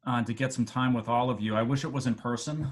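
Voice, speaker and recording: A man with a Boston accent giving a halting speech over a video call to alumni, with many fillers and restarts. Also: medium pitch, fairly even intonation. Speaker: medical school dean addressing alumni.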